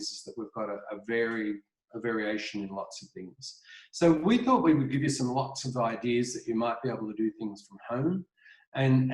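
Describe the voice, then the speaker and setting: A man's voice: mid-range voice, darkish tone. Australian male presenter, chatty webinar talk full of ums and restarts, echoey kitchen over a computer mic. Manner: rambling, many fillers and restarts, apologetic. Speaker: webinar presenter, art educator. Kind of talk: casual online presentation. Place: home kitchen.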